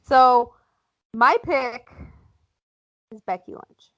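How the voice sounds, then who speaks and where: A woman's voice: sits high, extremely slow, a bit bright, no echo, rough recording. A woman co-hosting a podcast, talking bluntly and casually with strong opinions. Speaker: podcast co-host. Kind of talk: casual chat.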